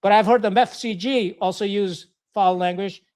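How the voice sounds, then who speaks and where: A middle-aged man with a notably high-pitched voice tells a long story as a podcast guest. He is blunt and profane and acts out both sides of old arguments. His delivery is casual and animated. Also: moderate pace. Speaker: podcast guest, retired Marine officer.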